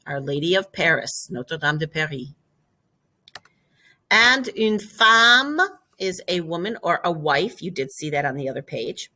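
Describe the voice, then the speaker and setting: A woman teaching a French vocabulary lesson, explaining step by step and repeating each word slowly and clearly. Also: on the low side, sharp tone. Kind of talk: classroom lesson video.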